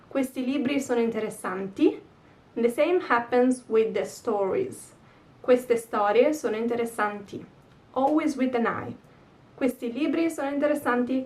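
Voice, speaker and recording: A woman's voice: a little high, distant mic. Italian-accented woman teaching patiently, a little off-mic. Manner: patient, repeats example sentences slowly. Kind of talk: language lesson.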